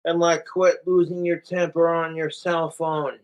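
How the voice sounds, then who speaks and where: A man's voice: on the high side, little pitch movement, a little slow, clean tone, rough recording. A middle-aged man ranting in a rambling, profane casual vlog, venting to his viewers. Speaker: vlogger. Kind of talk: rambling casual rant to camera.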